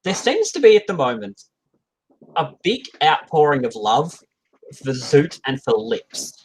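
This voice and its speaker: A man's voice: on the high side, measured pace, slight background noise, rough recording. A man co-hosting a live podcast chat, talking casually and animatedly. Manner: animated, slips into silly character voices. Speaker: podcast co-host.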